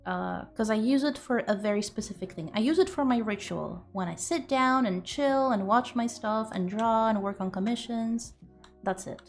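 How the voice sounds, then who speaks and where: Woman streamer, casual rambling chat, giggly, fairly high voice, faint music behind. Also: normal speed. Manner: rambling, giggly, swears freely. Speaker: streamer and artist.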